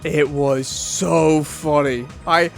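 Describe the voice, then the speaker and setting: A man with a fairly high voice chats casually while playing a video game and winds through a long, rambling anecdote. He acts out the voices of the people in his story, and faint game music runs underneath. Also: steady tone, very slow, gravelly. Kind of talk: casual chat while gaming.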